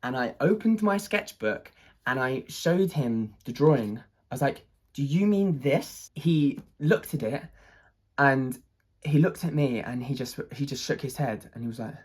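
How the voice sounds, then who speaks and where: An artist telling a personal story in a casual, rambling way, full of fillers and restarts, with an excitable, wondering tone. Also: medium pitch, unhurried, breathy edge.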